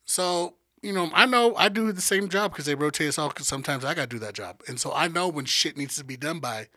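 A man co-hosting a podcast, telling a story in casual chat, profane and animated, acting out what people said. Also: a little high, a little fast, dry recording, clean studio sound. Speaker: podcast co-host.

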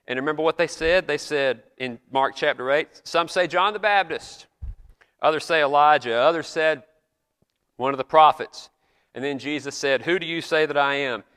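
A man's voice: a little high, moderate pace, a bit bright, smooth, long reverb tail. A man preaching a sermon in a chapel, retelling scripture in an earnest, conversational storytelling way.

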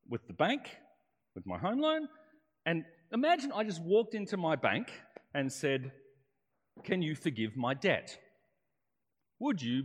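A man preaching a sermon in a conversational way, often checking in with rhetorical questions. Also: fairly high pitch. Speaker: pastor. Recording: long hall reverb.

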